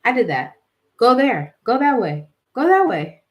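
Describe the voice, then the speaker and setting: A woman's voice: a little high, very animated, measured pace, highs cut off, voice pushed up. A woman voicing God as a male deity who coaxes and urges with repeated pleas. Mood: urging.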